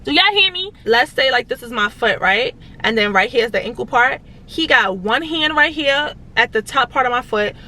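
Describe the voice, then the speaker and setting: Animated high-voiced woman telling a story. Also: moderate pace, few pauses, poor audio. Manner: animated, profanity-heavy, addresses viewers as y'all. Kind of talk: casual storytelling to viewers.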